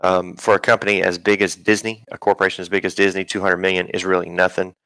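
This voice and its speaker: A man's voice: low voice, little pitch movement, quick pace, pushed and bright, dry recording, poor audio. A man hosting a live stream, rambling and swearing in casual talk, full of ums and restarts.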